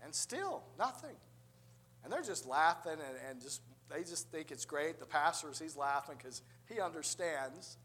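Male preacher, slightly high voice, storytelling sermon with acted-out quotes. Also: lively intonation, unhurried, a bit bright.

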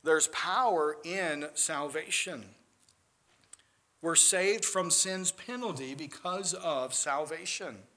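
Man, pastor preaching, earnest, rises to emphatic peaks; higher-pitched. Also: slow, sharp tone. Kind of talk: sermon.

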